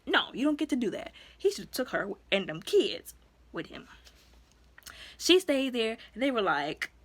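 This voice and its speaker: A woman's voice: fairly high pitch, very animated, normal speed, fairly bright tone. A woman giving a casual, chatty movie review, acting out the characters' lines as she retells the story.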